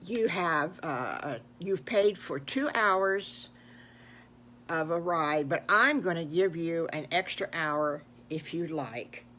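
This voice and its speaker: A woman's voice: lowish voice, slow pace, fairly bright tone, slight background noise. Grandmother as a kindly paddleboat man. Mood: friendly. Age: older. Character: friendly grown man renting paddleboats.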